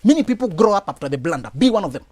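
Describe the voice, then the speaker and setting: A man giving blunt, forceful relationship advice on a talk show, in a lively, preachy manner. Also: sits high, racing, no echo.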